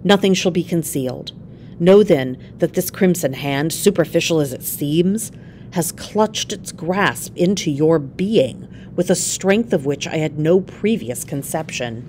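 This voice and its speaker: A woman's voice: deep voice, animated, a little slow, a little mellow, a little hiss or hum. A woman voicing an obsessive male scientist who speaks impetuously and urgently, in a storybook reading. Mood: grave.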